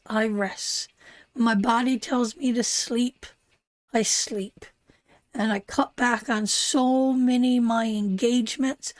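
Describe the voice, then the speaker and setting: This fairly high-pitched voice belongs to an older woman from Newfoundland, Canada, who has a Newfoundland accent. On her live tarot stream she talks casually and fondly, calling her viewers darling and sweetheart. No room sound can be heard.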